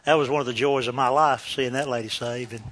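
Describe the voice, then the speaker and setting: A male preacher telling a story in a sermon, animated and laughing, swinging between loud and hushed. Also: mid-range voice, a little fast.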